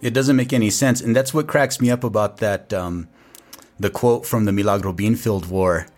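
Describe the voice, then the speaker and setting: A podcast host with a lower-pitched voice chats in a relaxed, joking tone. He sounds laid-back and conversational. Faint music sits behind him. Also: moderate pace. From New Mexico.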